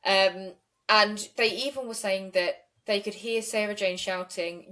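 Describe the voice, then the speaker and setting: A woman's voice: mid-range voice, steady tone, unhurried, bright, forceful tone. A woman co-hosting a true crime podcast, retelling a case in a conversational way with fillers. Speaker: podcast co-host.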